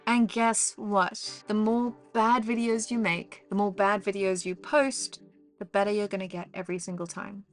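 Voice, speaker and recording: A woman's voice: medium pitch, little pitch movement, moderate pace, soft background music. A woman with a South African accent, coaching viewers on camera in an upbeat, encouraging, playful way. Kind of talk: casual direct-to-camera advice.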